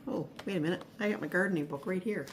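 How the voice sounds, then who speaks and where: A woman's voice: fairly low pitch, racing. Chatty woman vlogging her garden, lots of ums and restarts, bit of hiss behind her. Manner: rambling, hesitant, many fillers and restarts. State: a little out of breath. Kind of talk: casual weekly garden update. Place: home, upstairs spare room.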